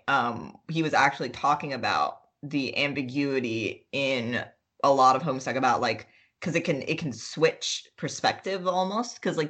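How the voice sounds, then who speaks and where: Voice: mid-range voice, a bit bright. A podcast co-host chatting casually, rambling, giggling and trailing off while searching for words. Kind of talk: casual chat.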